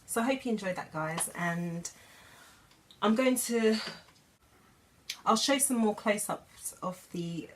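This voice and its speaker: A woman's voice: medium pitch, takes it slowly, long pauses. Woman vlogger, chatty and gushing, casual home recording in bed, faint hiss. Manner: chatty, gushing, trailing off and restarting. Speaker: beauty vlogger. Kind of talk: casual chat to camera.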